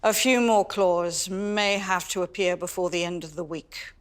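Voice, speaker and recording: A woman's voice: on the low side, steady tone, unhurried, clean tone. A woman hosting a dinner party, chatting casually and telling stories in a theatrical, dramatic manner. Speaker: dinner party host and contestant. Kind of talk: casual chat and storytelling.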